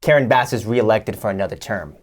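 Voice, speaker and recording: A male podcast co-host interviewing in an improvised comedy sketch, asking questions in a dry, straight-faced way with many quick agreements. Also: fairly low pitch.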